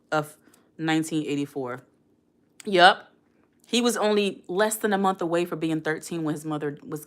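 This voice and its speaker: A woman around forty hosting a casual live stream, chatting and reading viewer comments aloud. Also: on the low side. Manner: chatty, addresses the chat directly, reads comments aloud.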